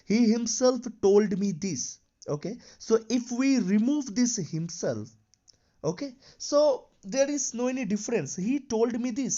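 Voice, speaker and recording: A man's voice: high voice, a little mellow, muffled recording. A man teaching an English grammar lesson, explaining patiently and repeating his examples with lots of "you know" and "okay".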